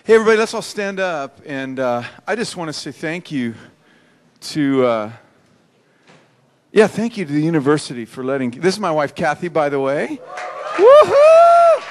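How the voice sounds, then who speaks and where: Middle-aged male worship pastor, playful and folksy with the crowd, voice sits a bit high. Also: expressive, normal speed. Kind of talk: casual stage talk to a congregation. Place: church service in a hall.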